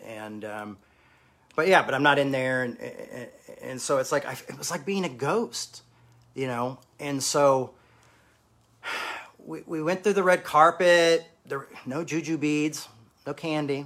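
Man, 40s, candid storyteller, halting, full of restarts and fillers, average pitch. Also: fairly bright tone. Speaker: speaker sharing a personal story.

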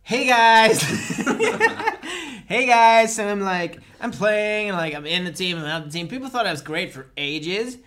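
A man's voice: high-pitched, big pitch swings, measured pace, a bit bright, full character voice. A man putting on a camp American accent, playing a footballer complaining about not getting picked. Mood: whiny. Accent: American (put on).

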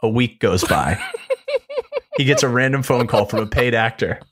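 A young man co-hosting a comedy podcast, pitching a prank as a lively story and acting out the other people's lines. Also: normal speed, very noisy. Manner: animated storytelling with acted-out quotes, lots of laughter. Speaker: podcast co-host. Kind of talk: casual comedic chat.

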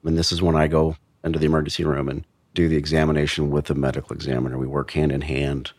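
A man, a former investigator, recounting a death case in a measured, blunt way with frequent restarts. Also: very deep voice, flat delivery, a little mellow, no room sound. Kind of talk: true crime storytelling.

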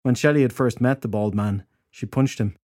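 A man narrating a fantasy audiobook in a steady, measured storytelling voice. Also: medium pitch, no echo. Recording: dry close studio recording.

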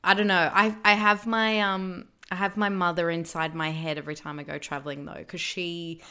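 Chatty woman, lowish voice. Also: flat delivery, moderate pace, sharp tone, clear, resonant tone. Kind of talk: casual storytelling chat.

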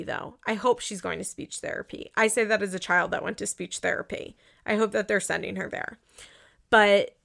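A woman's voice: medium pitch, gravelly, fairly bright tone. A woman giving a casual, rambling recap of a reality show, opinionated and indignant, with many "like" fillers. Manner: rambling, chatty, lots of "like" fillers.

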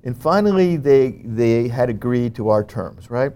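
A man's voice: mid-range voice, measured pace. A man as an interview guest, telling a story animatedly with many fillers and restarts. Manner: animated, frequent "you know" fillers and restarts. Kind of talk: conversational storytelling.

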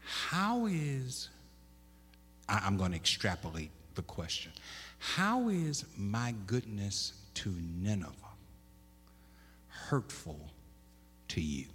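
A man preaching a sermon, with loud emphatic bursts, stammered restarts and questions to the congregation. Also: fairly low pitch, big pitch swings, slow, long pauses, slightly rough. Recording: echoey hall.

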